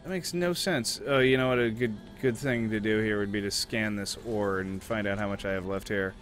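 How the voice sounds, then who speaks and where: A man's voice: lowish voice, fairly even intonation, normal speed, fairly bright tone, soft background music. A young man streaming a game, chatting casually in a crude, rambling way and swearing a lot. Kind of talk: casual gaming chat.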